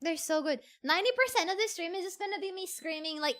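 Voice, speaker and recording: A woman VTuber streamer chatting casually on a livestream, excitable and gushing, often repeating herself. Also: very high voice, quick pace.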